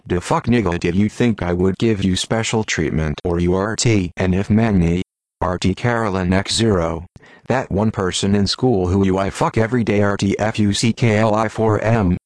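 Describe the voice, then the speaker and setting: A synthetic-sounding man's voice reading out short posts in a monotone, spelling out links letter by letter. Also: fairly low pitch, normal speed, no room sound, studio quality. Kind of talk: rapid automated read-out of short posts.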